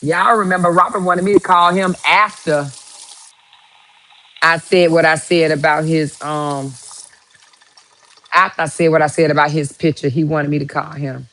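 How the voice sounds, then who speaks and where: A woman hosting her own vlog, reacting out loud to news with exclamations and lots of swearing, talking straight to her viewers. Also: low voice, steady tone, moderate pace, long pauses, rough recording. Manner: profane, exclamatory, talks to viewers. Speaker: vlogger host. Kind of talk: casual reaction commentary.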